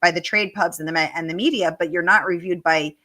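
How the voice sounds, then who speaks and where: A bright, forward-sounding woman hosts a livestreamed book Q&A. She gushes warmly over praise and reads viewer questions aloud, keeping things bubbly. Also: lowish voice, fairly even intonation, quick pace. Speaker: host. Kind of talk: livestream author Q&A.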